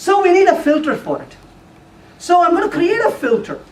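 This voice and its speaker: Brief: middle-aged male conference speaker, lively and joking, distant mic in a reverberant room with faint background noise. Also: very high voice, normal speed. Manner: playful, teasing the audience with questions. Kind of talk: live technical talk. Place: meeting room before an audience.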